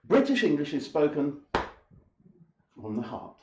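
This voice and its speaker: Lively, emphatic male English lecturer. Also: fairly high pitch, measured pace, a crowd in the background. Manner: emphatic, with lots of repetition and rhetorical questions. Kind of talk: lecture to an audience. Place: lecture hall. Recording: echoey hall.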